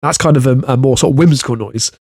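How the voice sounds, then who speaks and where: A man's voice: mid-range voice, quick pace, darkish tone, slightly rough, dry recording, clean studio sound. A British man co-hosting a comedy podcast, rambling and hedging his way through a story. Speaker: podcast co-host. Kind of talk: casual comedic chat.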